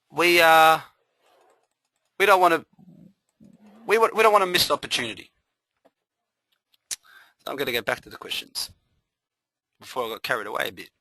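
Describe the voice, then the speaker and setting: A man giving a live trading webinar, energetic and motivational, repeating phrases for emphasis. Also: fairly high pitch, no room sound, low-quality recording.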